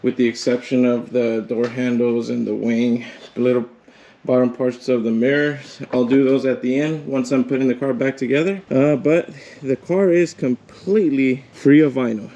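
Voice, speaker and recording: A man's voice: medium pitch, steady tone, moderate pace, dark tone. A man casually narrating a car vlog, chatting straight to his viewers, a bit out of breath from hot work outside. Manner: casual, chatty, addresses viewers as "you guys". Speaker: car vlogger. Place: outdoors on a driveway, hot day.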